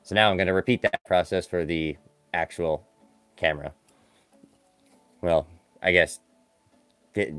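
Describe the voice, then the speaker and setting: A man with a deep, clean, fairly bright voice livestreams while sculpting clay for stop-motion, talking a little slowly with long pauses. The recording is dry with faint music behind him as he rambles casually, pokes fun at himself, and gets distracted by his work.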